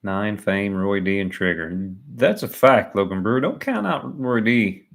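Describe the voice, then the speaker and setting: Deep-voiced joking man commenting live. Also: expressive, unhurried, gravelly. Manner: chatty and joking, laughs at himself. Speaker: livestream commentator.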